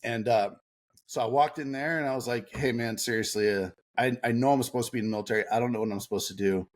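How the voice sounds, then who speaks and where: A middle-aged man telling an animated story as a podcast guest, laughing often and acting out what others said. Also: medium pitch, quick pace. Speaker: podcast guest, former Navy SEAL. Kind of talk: casual storytelling.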